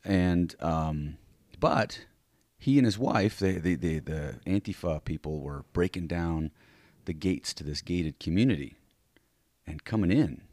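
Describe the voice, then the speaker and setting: Deep, lively-voiced male podcast co-host. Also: a little slow, no echo, studio quality. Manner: animated, many restarts and tag questions. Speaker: self-defense instructor. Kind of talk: casual chat.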